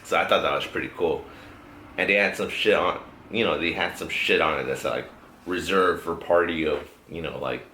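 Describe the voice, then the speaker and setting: A man's voice: extremely low pitch, moderate pace, bright, forceful tone. A man hosting a podcast, telling a rambling story with lots of swearing in casual chat. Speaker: podcast host. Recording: echoey room, faint noise.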